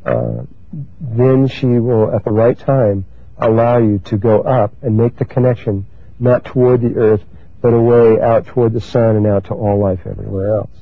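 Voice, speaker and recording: An older man giving a spiritual talk, telling stories slowly and gently, pausing and restarting often. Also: mid-range voice, fairly even intonation, vocal fry, dry recording. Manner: slow, gentle storytelling with pauses and restarts. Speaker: spiritual teacher. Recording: dry, tinny phone-like recording.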